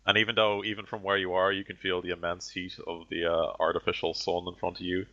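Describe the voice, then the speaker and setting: Male game master narrating, very low and bright-edged, halting delivery, muffled lo-fi recording. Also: little pitch movement. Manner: hesitant, many fillers. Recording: dull lo-fi audio.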